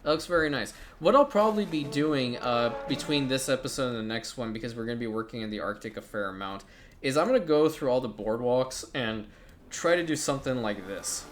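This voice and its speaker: A man giving casual, chatty commentary over a city-building game, turning gleeful and loud when something delights him. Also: mid-range voice, fairly quick, slight background noise. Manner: chatty, excitable, bursts into gleeful shouting. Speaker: gaming YouTuber.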